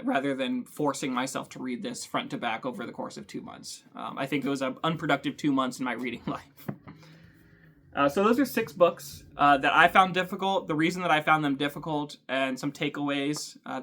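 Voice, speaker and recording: A man hosting a book channel, talking thoughtfully to camera with frequent ums and pauses. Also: medium pitch, fairly bright tone. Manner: thoughtful, hesitant, many ums. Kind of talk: casual talk to camera.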